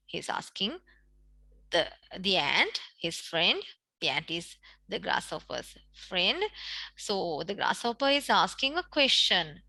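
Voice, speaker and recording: A woman's voice: medium pitch, very animated, slow, creaky, pushed and bright, no echo. A woman English teacher with a Sri Lankan accent, reading a story to children in an online lesson and explaining each word with a Sinhala translation. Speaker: primary school English teacher.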